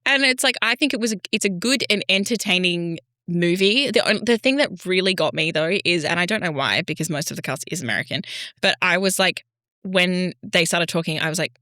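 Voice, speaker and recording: A woman co-hosting a podcast in casual, animated chat with quick asides. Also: on the low side, dry recording, studio quality. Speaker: podcast co-host.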